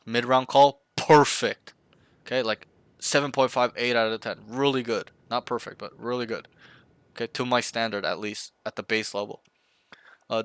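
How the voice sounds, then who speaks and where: A man coaching a student through a match review, talking bluntly and swearing freely. His voice is bright and forceful, recorded dry and close with no room sound. He often acts out team callouts to show how they should sound. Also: fairly low pitch, clean tone, dry recording. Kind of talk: casual coaching session.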